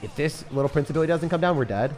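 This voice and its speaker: A young male streamer talks through his match, his pitch leaping and dipping with lively swings. He jokes with his viewers and breaks into loud outbursts of excitement. Faint music plays under his voice. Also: very fast. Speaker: gaming streamer. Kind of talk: live gameplay commentary.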